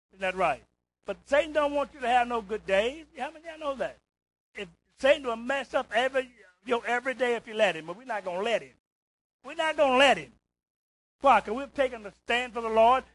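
A man preaching a call-and-response sermon in church, rising to shouts on key words and asking "isn't that right?" again and again. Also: very high-pitched, no echo, rough recording. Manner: rises to shouts on emphasis, repeats "isn't that right?".

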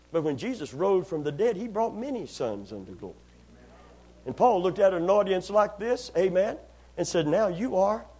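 With a high, slightly rough voice, a man preaches to a church congregation. He invites the crowd to respond and builds to loud, elongated emphasis on the lines that matter most, as a pastor would.

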